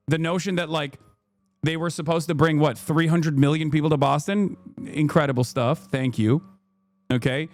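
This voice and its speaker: A man in his thirties rants through a live-stream news reaction, firing off rhetorical questions. His voice sits a bit high, and the sound is dry and close. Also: no room sound. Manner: fast, heated ranting with rhetorical questions.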